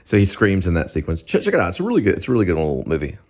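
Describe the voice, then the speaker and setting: Man, very low voice, rambling casual vlog talk, digressive, at home. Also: very animated, racing, darkish tone. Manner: rambling, digressive, gropes for names. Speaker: vlogger host. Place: at home near a TV.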